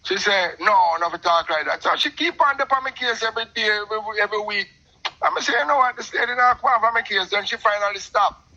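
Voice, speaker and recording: A middle-aged Jamaican man telling a long personal story in patois, animated and talkative, calling in to a show. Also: high-pitched, fast talker, lo-fi sound. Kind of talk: casual storytelling on a call-in show.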